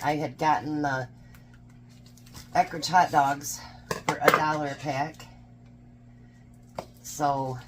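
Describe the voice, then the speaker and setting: A woman's voice: low voice, background noise. A woman chatting casually while cooking supper at home, joking about herself as she goes. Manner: chatty, self-deprecating, laughs at herself. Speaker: cooking vlogger. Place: home kitchen.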